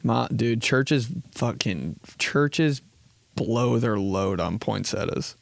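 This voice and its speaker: A man's voice: medium pitch, animated, slow, vocal fry, dry recording. A young man hosting a podcast, rambling in a casual, profane, joking way, often laughing and acting out quotes. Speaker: podcast host. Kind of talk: casual comedic podcast chat.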